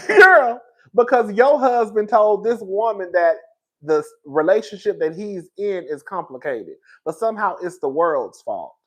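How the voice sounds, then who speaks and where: Gossipy man, animated commentary. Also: on the high side. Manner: animated and gossipy, laughing between lines, calls his viewers "girl". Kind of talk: reaction commentary.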